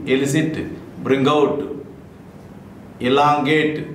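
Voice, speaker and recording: Man, vocabulary drill, spells letter by letter, very slow, echoey room. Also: fairly high pitch, slight background noise. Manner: spells each word letter by letter, then gives a meaning. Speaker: vocabulary teacher. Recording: echoey room with faint ambience.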